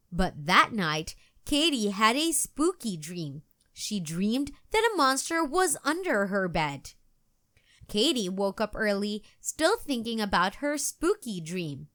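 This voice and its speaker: Children's read-aloud narrator, woman; gentle, expressive, lively melody. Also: medium pitch, slow. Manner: gentle, expressive, sing-song. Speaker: children's book reader.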